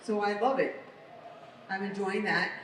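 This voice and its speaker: A woman's voice: mid-range voice, unhurried, a little hiss or hum. An American woman, a voice actress, chatting casually as a guest on a convention panel. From United States. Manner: chatty, animated storyteller. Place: large convention hall. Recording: echoey hall recorded from far off.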